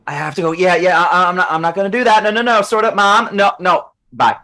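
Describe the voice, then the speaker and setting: A man's voice: sits high, brisk, bright, forceful tone. A man reading the part of an eager, put-upon young assistant in a play reading, stammering nervously.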